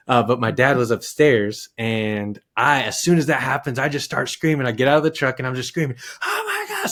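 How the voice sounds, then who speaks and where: Man, 30s, from texas, podcast guest, lively storyteller, middle pitch, restarts a lot. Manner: animated, laughing storyteller with many restarts. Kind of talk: casual storytelling.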